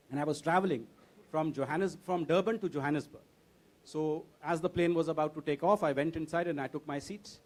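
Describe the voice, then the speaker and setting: A man tells anecdotes on a book fair panel. His humor is dry and deadpan. His voice sits a little high for a man. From India. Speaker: panelist, diplomat and author.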